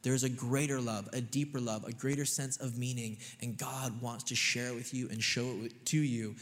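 A man's voice: medium pitch, fairly even intonation, moderate pace. A man preaching a sermon as a pastor, conversational and emphatic, often checking in with his listeners. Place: church sanctuary. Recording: long reverb of a church hall.

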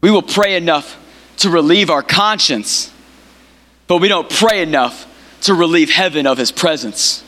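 A man's voice: fairly high pitch, a little slow, pushed and bright. A male pastor preaching a sermon, building up through emphatic repeated phrases and calling on the congregation to respond. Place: church. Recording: hall reverb.

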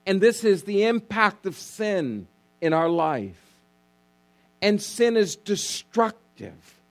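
A male pastor delivers a sermon in a high, unhurried voice. He leans on key words and repeats them for emphasis, calling on the congregation to answer. A faint hum sits under the recording. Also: very animated.

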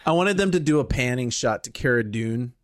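A man's voice: medium pitch, animated, brisk, dry recording, clean studio sound. A man co-hosting a podcast in casual chat, joking, laughing often and acting out lines. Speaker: podcast co-host.

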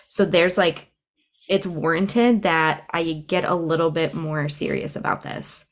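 Low-voiced woman, reflective podcast guest. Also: fairly even intonation, measured pace. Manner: reflective, conversational, many fillers. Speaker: podcast guest, cycle syncing coach. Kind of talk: casual interview conversation.

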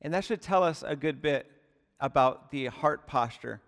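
A man's voice: a little high, moderate pace, gravelly, a bit bright, in a large hall. A male pastor delivering a sermon, conversational and earnest, often asking the congregation rhetorical questions.

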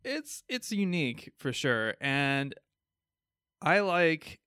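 A man with a Midwestern American accent co-hosts a relaxed comic book podcast, with a smooth, resonant voice. He rambles happily through his points. The sound is dry and close. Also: on the high side, slow pace, no room sound. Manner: enthusiastic, laughs often, rambling with fillers. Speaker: podcast co-host. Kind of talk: casual comic book review chat.

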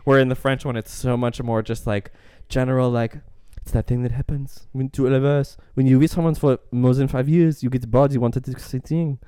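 A man's voice: mid-range voice, fairly even intonation, brisk, few pauses, dark tone, clean tone, dry recording, studio quality. A man co-hosting a podcast, chatting casually about films in a rambling, tangential way, laughing often and acting out lines from the movies. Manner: acts out movie lines in quoted voices. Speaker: podcast co-host. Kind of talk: casual film discussion chat.

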